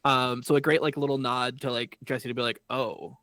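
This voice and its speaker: A man's voice: medium pitch, little pitch movement, normal speed, a bit bright, no echo, studio quality. A man co-hosting a podcast, chatting casually with a rambling, jokey manner. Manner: rambling, many fillers, jokey. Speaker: podcast co-host. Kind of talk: casual recap chat.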